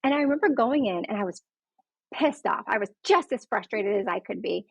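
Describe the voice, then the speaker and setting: A woman's voice: medium pitch, lively intonation, brisk, creaky, slightly rough, no room sound. A woman frankly and earnestly telling her own story in a conversation, acting out the people she quotes. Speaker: patient sharing her story. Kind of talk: candid personal storytelling conversation. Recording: dull lo-fi dry sound.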